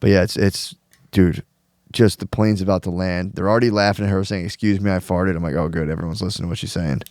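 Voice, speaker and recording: A man with a fairly low voice tells stories on a podcast, jumping into quick voices for the people in them. The sound is dry and close to the mic. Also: no room sound. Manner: animated storyteller, acts out voices. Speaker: podcast co-host. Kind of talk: casual comedic chat.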